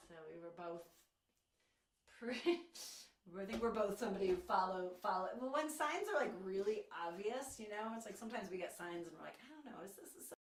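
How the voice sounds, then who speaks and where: A woman's voice: mid-range voice, expressive, normal speed. A woman co-hosting a live stream, chatting casually with lots of fillers and laughs. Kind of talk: casual chat. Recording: echoey room.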